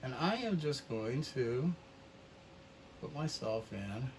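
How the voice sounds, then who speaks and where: A man's voice: medium pitch, animated, darkish tone, a little hiss or hum. A man leading a paint-along oil painting lesson, talking in an easygoing way as he works, often half to himself. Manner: slow, easygoing, talks to himself while working. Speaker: painting instructor. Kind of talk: relaxed paint-along tutorial.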